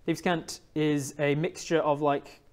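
A man narrating as game master in a relaxed, rambling way, with plenty of fillers. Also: a little high, measured pace, smooth.

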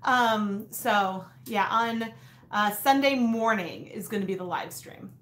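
A woman's voice: medium pitch, takes it slowly, a bit bright. A woman in her thirties hosting a casual craft livestream, rambling with lots of fillers and restarts. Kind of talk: casual live chat. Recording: echoey room.

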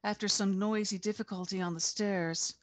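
A woman reads aloud from her own novel in a measured, deliberate way over a video call. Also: medium pitch, steady tone, no room sound. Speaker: author reading her novel. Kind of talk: expressive reading aloud.

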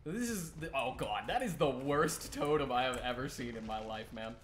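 A man talking through his gameplay in a loose, teasing way, his pitch leaping all over the place when he jokes. His voice sits in a roomy space. A steady layer of noise runs behind him. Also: normal speed. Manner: playful, chatty, teasing, squeals up high when goofing around. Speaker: gaming streamer. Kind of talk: gameplay commentary. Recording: roomy sound with audible background noise.

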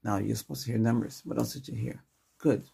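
A man in a whispered role-play as a doctor, talking softly and gently and checking in with short questions, close to the microphone. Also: mid-range voice, fast, gravelly, husky.

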